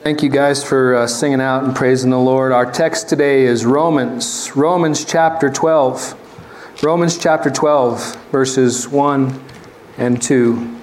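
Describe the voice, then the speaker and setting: A male pastor preaching a conversational sermon, telling jokey stories and reading scripture deliberately. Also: medium pitch, steady tone, a little mellow, slight background noise.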